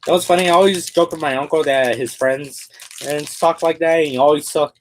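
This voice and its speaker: A man's voice: fairly high pitch, steady tone, fairly quick, slight background noise. A man on a casual live stream who thinks aloud as he assembles a toy figure. He rambles and fills his talk with "like" and "and all that".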